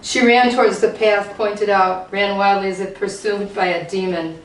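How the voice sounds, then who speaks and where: A woman reading a novel passage aloud to a group in a steady, unhurried way. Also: medium pitch, slight background noise. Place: lecture room. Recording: roomy hall, voice from far off.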